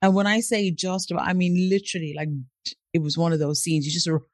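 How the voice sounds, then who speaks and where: A woman's voice: lowish voice, fast talker, no room sound. A woman in her late thirties, originally from Africa, telling personal stories as an interview guest and acting out the people in them. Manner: animated, acts out voices of people in her stories. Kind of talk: storytelling in conversation.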